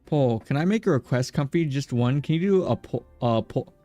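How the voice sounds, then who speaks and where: A man's voice: mid-range voice, animated, moderate pace, mellow, no echo. A man streaming a visual novel game, joking around and chatting with his viewers and the characters. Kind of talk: casual let's-play chat.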